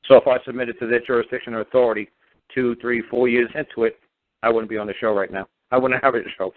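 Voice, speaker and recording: A man calling into a radio show speaks quickly in a level, medium-pitched voice, his story delivered emphatically, repetitively, and defiantly. The line sounds tinny, like a phone.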